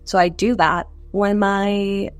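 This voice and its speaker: A woman's voice: mid-range voice, level tone, slow, no room sound, soft background music. A young woman in her twenties, an interview guest, telling her personal story candidly and conversationally, with frequent "like" fillers.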